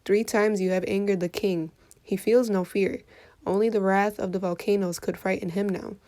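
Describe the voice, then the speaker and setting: A woman voicing a wise, cautious mother who speaks softly and warns her son in a storybook reading. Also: mid-range voice, fairly even intonation, moderate pace, lightly acted. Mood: warning.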